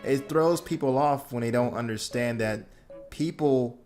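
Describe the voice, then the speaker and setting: A man's voice: mid-range voice, measured pace, a little mellow, soft background music. A man hosting a reaction video, giving casual commentary in a blunt, laid-back way and swearing freely.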